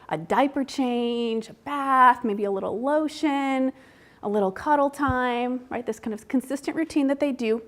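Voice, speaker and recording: A woman researcher giving a seminar talk in a conversational manner, often checking in with the audience with tag questions. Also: high-pitched. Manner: acts out parents' lines in a soft whisper.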